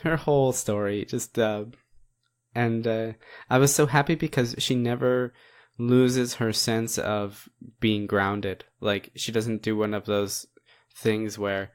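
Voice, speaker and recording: A man's voice: fairly low pitch, steady tone, slow, clear, resonant tone. A man co-hosting a podcast in casual chat, rambling with many fillers and frequent laughs. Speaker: podcast co-host.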